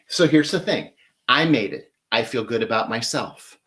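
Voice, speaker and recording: A man's voice: mid-range voice, sing-song, moderate pace, fairly bright tone. Chatty man demonstrating flower arranging. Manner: chatty, enthusiastic, talks while working with hands. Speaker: florist host.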